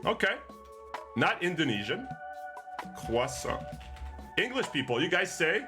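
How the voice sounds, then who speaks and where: A man's voice: high voice, big pitch swings, normal speed, music in the background. A man commentating his own gameplay live as a streamer, playful and teasing with his chat. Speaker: game streamer.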